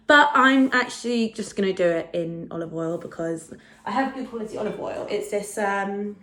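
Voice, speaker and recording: A young woman in her twenties casually chatting to camera in a food vlog, self-deprecating and full of fillers. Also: medium pitch. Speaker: food vlogger. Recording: echoey home room.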